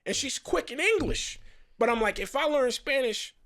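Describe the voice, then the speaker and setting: A man in his thirties from South Florida, a guest actor telling casual, animated stories full of slang and acted-out quotes. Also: very high voice, moderate pace. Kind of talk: casual storytelling chat.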